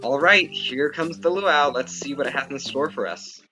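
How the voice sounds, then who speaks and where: A man's voice: on the high side, normal speed, pushed and bright. A young man casually commenting on his own gameplay, chatty and rambling with many fillers. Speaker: let's play host. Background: game music.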